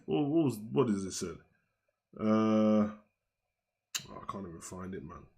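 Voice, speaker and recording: A man's voice: lowish voice, lively intonation, measured pace, dark tone. A young man, hosting a wrestling talk show in a slangy, heated, rambling rant. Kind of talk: ranting casual commentary.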